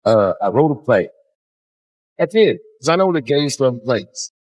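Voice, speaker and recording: A man in his forties performing a loose, profane stand-up set, drawling with sudden jumps in pitch. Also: big pitch swings, measured pace, a little mellow. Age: 40s. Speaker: stand-up comedian.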